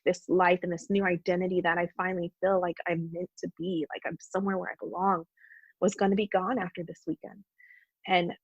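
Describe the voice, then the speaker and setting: Woman guest, husky, heartfelt testimony, dull dry podcast sound. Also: mid-range voice, dry recording. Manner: earnest, heartfelt storytelling. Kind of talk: personal testimony in conversation.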